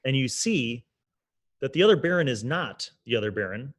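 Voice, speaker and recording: A man's voice: mid-range voice, lively intonation, normal speed. Man narrating as game master. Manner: descriptive, casual, with fillers.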